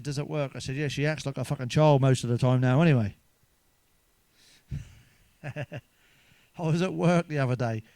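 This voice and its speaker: Crude, swearing comedian, dry close sound. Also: male voice, medium pitch, darkish tone, no room sound. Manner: crude, swearing, laughs at own jokes. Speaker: stand-up comedian. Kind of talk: stand-up jokes told to camera.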